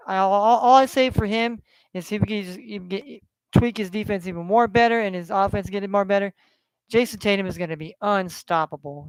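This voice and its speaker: A man's voice: sits high, clean tone, no echo. A man from California hosting a casual sports betting stream, rambling and swearing as he repeats himself. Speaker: sports betting podcast host.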